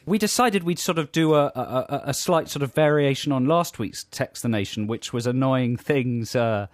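A man's voice: mid-range voice, normal speed, faint music behind. A man hosting a radio show, telling anecdotes in a hesitant, self-amused way. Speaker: radio host. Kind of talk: casual radio banter.

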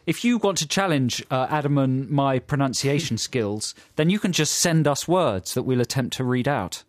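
A man's voice: mid-range voice, expressive, moderate pace, no echo. A man co-hosting a radio show, teasing in casual banter. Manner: wry, teasing. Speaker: radio host. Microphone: studio mic.

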